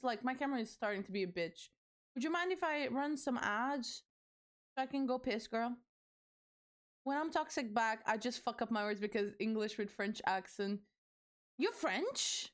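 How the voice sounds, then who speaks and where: A woman's voice: on the high side, fairly bright tone. A young adult woman streamer chatting casually with her viewers, giggly and bubbly, swearing freely. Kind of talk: casual livestream chat with viewers.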